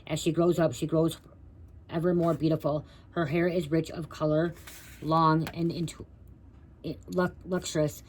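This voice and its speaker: A woman on a live stream reads from a card guidebook, tripping over words and breaking off to address her viewers. Her voice sits low and stays fairly flat and even. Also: normal speed, slight background noise, low-quality recording. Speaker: tarot reader.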